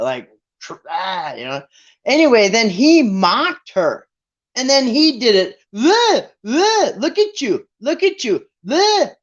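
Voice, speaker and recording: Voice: mid-range voice, muffled recording. A live streamer in casual chat, rambling through a story and acting out what others said. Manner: rambling storyteller who acts out quotes. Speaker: live streamer greeting viewers.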